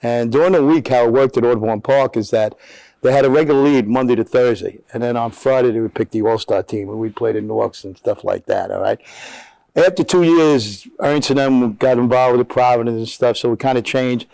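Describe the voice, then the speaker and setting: A man's voice: mid-range voice, a little fast, vocal fry, dry recording. An older man, a former basketball player telling stories as an interview guest, often checking in with "all right?". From Jersey City, New Jersey. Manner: animated storyteller, tags lines with "all right?". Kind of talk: storytelling in casual conversation.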